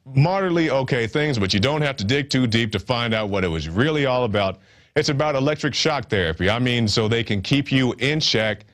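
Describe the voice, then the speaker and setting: A man's voice: mid-range voice, lively intonation, a little fast, fairly bright tone. A man hosting a news show, giving sarcastic, rambling commentary with many fillers. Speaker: news host.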